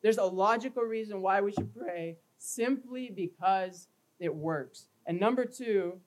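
A man's voice: high-pitched, measured pace, poor audio. A man preaching a sermon as pastor, emphatic, reading scripture aloud and acting out everyday scenes for his congregation. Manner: emphatic, reads scripture aloud in King James wording; acts out everyday scenes with quoted voices.

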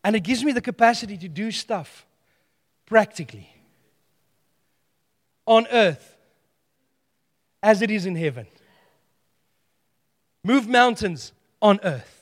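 A man preaching a sermon, animated and playful, telling stories with humor. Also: sits high, takes it slowly, pauses often, in a large hall.

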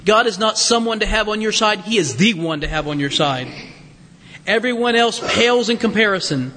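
Pastor guy preaching casual and lively, kinda high voice, big echoey hall. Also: normal speed, slight background noise. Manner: conversational, animated, with restarts and rhetorical questions. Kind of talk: sermon. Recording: long reverb of a large hall.

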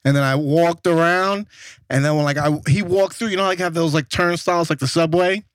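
Animated profane young man telling a story. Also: fairly high pitch, a little fast, clean tone, dry recording. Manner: animated, profane, acts out voices in his story. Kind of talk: casual storytelling.

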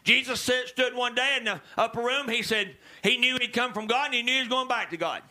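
High-voiced, bright preacher man. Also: fairly quick. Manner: swings from low murmurs to loud shouted exhortations; calls out to the congregation. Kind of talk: sermon.

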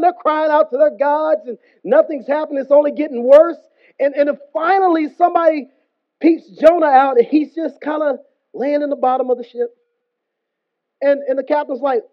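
A man's voice: very high-pitched, moderate pace. A man preaching a sermon in a casual, humorous and slangy storytelling style. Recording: dull lo-fi recording.

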